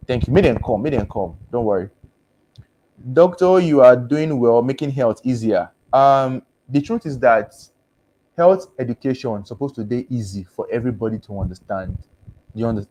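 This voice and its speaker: This male doctor with a Nigerian Pidgin accent hosts a casual live stream, reading comments in a mid-range, slightly mellow voice. Easygoing and repetitive, he chats away, switches between English and Pidgin, and keeps repeating his thanks, though his voice is starting to go hoarse.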